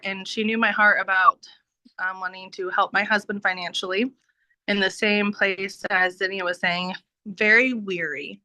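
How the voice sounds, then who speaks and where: A woman's voice: medium pitch, level tone, normal speed, sharp tone, no room sound, poor audio. A woman giving a heartfelt personal testimony over a video call, talking casually with frequent laughs and filler words. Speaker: business team member giving a testimony.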